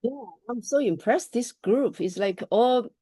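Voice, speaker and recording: A woman's voice: on the high side, unhurried, warm tone, no room sound. Woman prof calling on students, chatty, dry close sound. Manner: encouraging, chatty, small laughs. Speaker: instructor. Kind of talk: leading class introductions. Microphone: video call.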